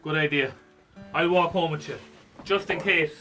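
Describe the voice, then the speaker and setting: An actor playing a plainspoken, protective Irish cousin in a stage play. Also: male voice, a little high, normal speed, natural voice. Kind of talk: filmed stage play acting. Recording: faint music underneath.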